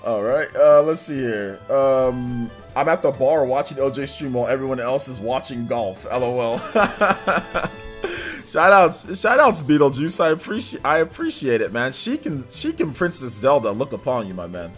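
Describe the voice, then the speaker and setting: A man's voice: medium pitch, lively intonation, normal speed, a bit bright. A man hosting a casual livestream, talking straight to his viewers, reading their comments and laughing often. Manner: chatty, laughs often, answers viewers directly. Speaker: livestream host reading chat. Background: faint game music.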